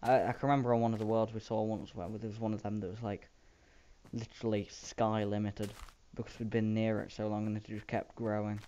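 A man's voice: on the low side, little pitch movement, brisk, mellow. A man rambling through casual, self-mocking gameplay commentary. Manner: rambling, self-mocking, playful sound effects. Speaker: Minecraft let's player. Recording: dull lo-fi home mic with faint hiss.

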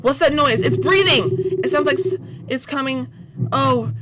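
A woman playing a horror game and commenting in a goofy, playful way, with baby-talk words, who gets excitable and jumpy when scared. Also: sits high, measured pace, very noisy. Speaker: gaming YouTuber. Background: loud eerie game music.

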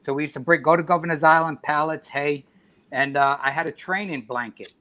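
A man's voice: on the high side, brisk, bright, forceful tone. Blunt, profane New man. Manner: profane, blunt, laughs while telling stories. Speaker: podcast guest, former fire battalion chief. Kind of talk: casual chat, storytelling.

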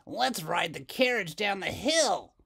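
A bossy storybook girl bully, put on by a man reading aloud, taunting in a raised, squealing voice. She draws her words out slowly and loudly. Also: high voice, big pitch swings, vocal fry, slightly rough, voice pushed up, full character voice.

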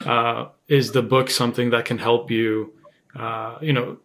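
A man's voice: mid-range voice, a little slow. Man asking easygoing interview questions. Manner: relaxed, hesitant questions with fillers. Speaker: podcast host.

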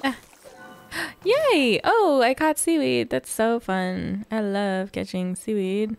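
Bubbly woman gamer with gravelly fry. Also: mid-range voice, unhurried, dry recording, soft background music. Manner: bubbly and excitable, squealing little cheers. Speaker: gaming channel host. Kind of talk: casual let's-play commentary.

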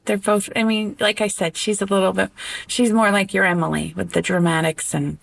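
A woman guest in a casual interview conversation who talks with animated expression and often stops on an um. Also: medium pitch, brisk, creaky. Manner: animated and expressive, breaks into laughter; hesitant with frequent ums.

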